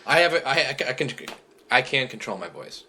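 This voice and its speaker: A man's voice: mid-range voice, big pitch swings, a little fast, sharp tone, slight background noise. A man hosting a casual podcast, blunt and laughing often, who swears freely. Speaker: podcast host.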